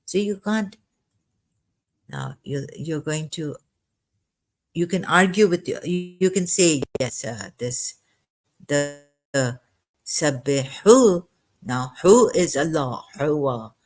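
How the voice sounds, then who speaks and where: A slow-spoken commentator works through a scripture verse word by word, lingering on single terms and circling back to them. The delivery halts often, with repeated words and fresh starts, and a cough keeps coming back. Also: mid-range voice. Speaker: religious commentator.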